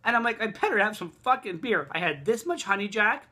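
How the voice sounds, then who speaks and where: A man vlogging a casual, rambling rant, swearing heavily and excitably. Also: sits high, a little fast.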